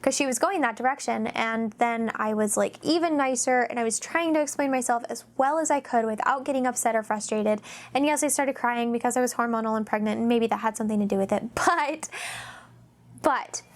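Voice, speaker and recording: A woman's voice: a little high, a little fast. A woman hosting a casual faith-based vlog, telling stories in a chatty, rambling way with lots of fillers and acting out the voices she quotes. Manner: animated, acts out quoted voices. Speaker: mom vlogger, host.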